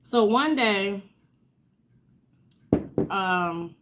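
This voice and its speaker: Slow-talking woman. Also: medium pitch, lively intonation, background noise. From New York. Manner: chatty, drawn-out storytelling with asides. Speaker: channel host. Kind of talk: casual storytime while eating.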